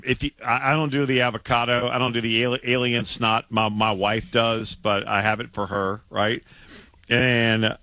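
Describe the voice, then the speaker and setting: Animated male radio host, bright voice. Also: mid-range voice, moderate pace, no echo. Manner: animated, emphatic, repeats himself when worked up. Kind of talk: casual radio banter. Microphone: studio mic.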